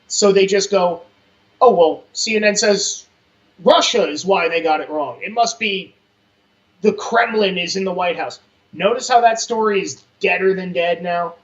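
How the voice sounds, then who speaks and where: A man's voice: sits high, unhurried. A man in casual political chat, talking bluntly and cursing freely. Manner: blunt and profane, animated. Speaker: podcast guest. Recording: dull lo-fi sound.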